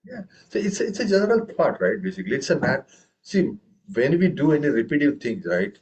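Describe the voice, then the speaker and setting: A man leads a tabla lesson at a steady, mid-range pitch. He keeps asking his students questions and stresses the first syllable hard when he recites drum phrases. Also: brisk, rough recording. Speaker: tabla teacher. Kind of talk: online group music lesson.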